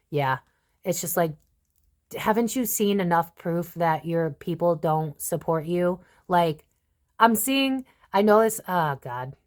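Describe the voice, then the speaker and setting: A young woman giving a rambling, emphatic psychic tarot reading to her viewers, thinking aloud and addressing them directly. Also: fairly low pitch. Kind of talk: casual tarot reading to camera.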